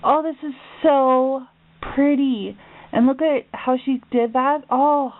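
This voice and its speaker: Young woman vlogger, high-pitched and excitable, opening a package; tinny phone-like sound. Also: takes it slowly. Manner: gushing, excitable, gasps often. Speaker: crafting vlogger.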